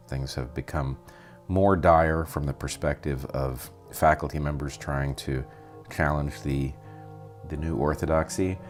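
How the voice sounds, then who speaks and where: A man with a very deep voice answers interview questions as a former professor. He speaks deliberately and articulately, building long sentences.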